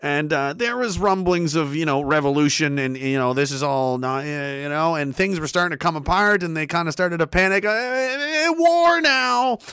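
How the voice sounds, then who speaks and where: Guy ranting and swearing, kinda high voice, dead dry sound. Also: brisk, few pauses, fairly bright tone, clean tone, dry recording. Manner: profane, heated, rambling with restarts. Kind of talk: casual political rant.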